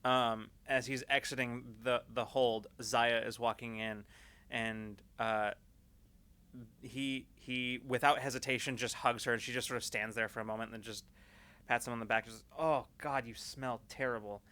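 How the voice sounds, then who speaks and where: A man running a tabletop game as game master, narrating scenes in a loose, halting way with lots of fillers. His voice is bright and forward, pitched in the middle. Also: little pitch movement, clean tone.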